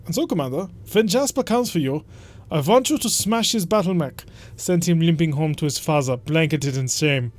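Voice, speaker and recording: A man's voice: a little high, animated, normal speed, lightly acted. A man voicing a scheming, smug aristocratic count in a put-on German accent, haughty and theatrical. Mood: scheming, gloating.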